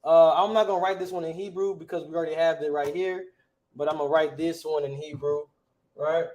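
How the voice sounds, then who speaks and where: A man's voice: fairly high pitch, fairly even intonation, fairly quick, darkish tone, lo-fi sound. Slangy man teaching a class. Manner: casual, keeps checking with "right?"; slangy, conversational.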